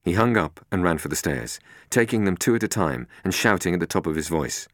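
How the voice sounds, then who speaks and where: A man's voice: sits low, expressive, a little fast, a bit bright, no echo, studio quality. A man narrating a storybook, in a tense, suspenseful reading.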